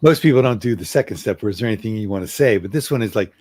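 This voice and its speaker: A middle-aged man with a lowish voice coaches on communication. He is earnest and stretches out key words for emphasis. The sound is dry and close. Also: lively intonation, racing, a little mellow, dry recording. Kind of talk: role-played apology demonstration.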